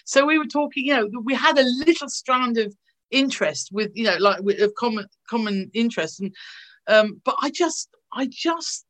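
A woman's voice: fairly high pitch, expressive, moderate pace, fairly bright tone. A woman, an actress, telling gushing anecdotes in a casual interview over a video call. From England. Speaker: actress guest.

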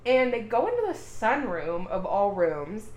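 A woman's voice: mid-range voice, a little slow, echoey room. A woman co-hosting a podcast, casually recapping a TV plot, swearing freely and acting out the characters' lines. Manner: animated, swearing, acts out quotes. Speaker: podcast co-host.

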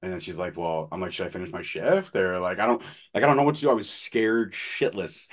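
A man's voice: deep voice, lively intonation, a little fast. A man in his thirties, a podcast co-host, telling personal stories in candid, profane, casual chat. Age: 30s.

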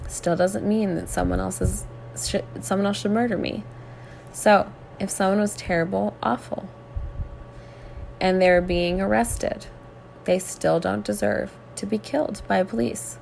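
A woman hosting a podcast, speaking earnestly and reflectively to listeners about faith, with thoughtful pauses. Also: mid-range voice, steady tone, creaky, a little mellow, a little hiss or hum.

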